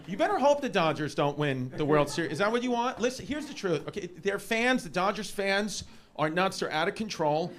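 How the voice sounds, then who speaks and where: A man with a New York accent doing a loud, rambling stand-up set in a live club. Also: high voice, sing-song. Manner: loud, rapid, rambling rants with frequent laughs. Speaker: stand-up comedian. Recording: live club with crowd behind. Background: laughing audience.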